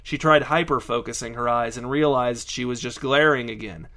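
Deadpan male story narrator. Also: mid-range voice, moderate pace. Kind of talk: audiobook narration.

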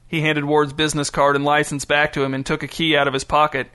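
A male narrator reads a novel aloud at an even, steady pace. His voice sits slightly high and sounds bright and forceful. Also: quick pace, hardly any pauses, clear, resonant tone. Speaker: audiobook narrator. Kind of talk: scripted narration.

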